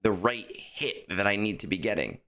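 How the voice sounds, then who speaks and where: A man with a deep, low voice talks casually through a game stream, muttering and second-guessing himself as he plays. His tone is relaxed and conversational, like he is chatting with regulars. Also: normal speed. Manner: muttering to himself, self-correcting. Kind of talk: casual livestream chat while playing.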